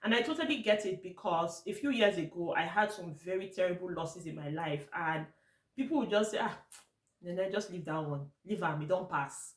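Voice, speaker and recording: A woman's voice: on the low side, moderate pace, reverberant. A Nigerian woman vlogging to camera in a casual, blunt and exasperated way, slipping into Pidgin now and then.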